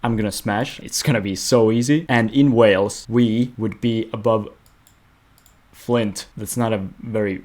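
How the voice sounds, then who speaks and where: A man's voice: fairly low pitch, steady tone, unhurried, a little mellow. Playful young man hosting game news. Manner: playful, jokey, self-mocking. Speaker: host of a game news show. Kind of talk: casual gaming news roundup. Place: away from home. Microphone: webcam.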